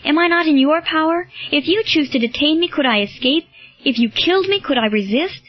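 A woman's voice: sits high, fairly quick, voice pushed up, close to an everyday voice. A woman reading the part of an earnest young male Roman soldier, speaking in a pleading, searching way. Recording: dull lo-fi, dry.

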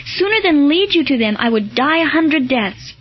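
Brief: woman voicing a resolute, earnest young boy, high voice, dull lo-fi audio. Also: sing-song, moderate pace. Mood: defiant. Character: brave young Christian boy, defiant.

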